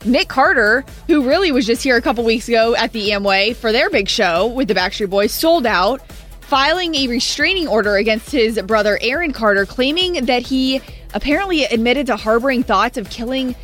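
A woman co-hosting a morning radio show, chatting through entertainment news in an earnest, expressive way. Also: a little high, moderate pace, soft background music.

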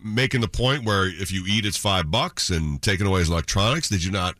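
A man's voice: deep voice, animated, fairly quick, a bit bright, no echo, studio quality. A man co-hosting a morning radio show, reacting with short replies and reading station IDs. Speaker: radio co-host. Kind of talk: casual morning radio chat. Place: radio studio. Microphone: studio microphone.

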